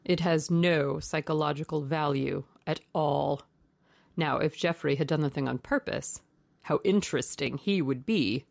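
A woman's voice: deep voice, measured pace, vocal fry, a little mellow, dry recording, heavily acted. A woman reading the part of a languid, cynical aristocratic man with an ironic drawl.

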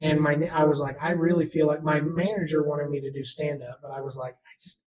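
A man's voice: a little high, fairly even intonation, fairly quick, over a noisy crowd, rough recording. A man co-hosting a podcast, telling rambling, self-deprecating stories in casual chat. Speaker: podcast co-host.

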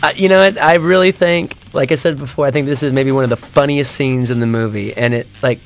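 A man's voice: mid-range voice, a little fast, faint music behind. A man giving a casual audio commentary on a film, rambling with many fillers and restarts and acting out audience reactions in a raised voice.

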